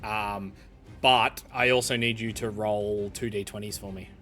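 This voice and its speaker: An Australian man narrates as dungeon master at an unhurried pace, his voice bright and forward. He talks in a relaxed way, dropping ums and quick "cool"s, with faint music underneath. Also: on the low side. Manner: laid-back, lots of ums and cools. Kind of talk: running a tabletop game.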